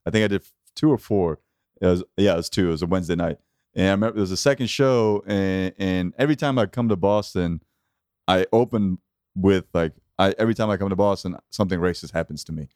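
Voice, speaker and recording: A man who is a comedian, a guest in a casual podcast chat, who talks in a calm and reflective way. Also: sits low, quick pace, clear, resonant tone, no echo, clean studio sound.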